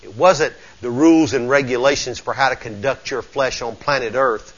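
A man preaching a sermon, fervent and folksy, moving from low murmurs to shouts. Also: fairly even intonation, moderate pace, lo-fi sound.

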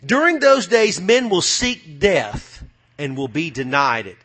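A man preaching a sermon, swinging from loud, fiery passages to low, muttered asides. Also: huge pitch swings, a little slow.

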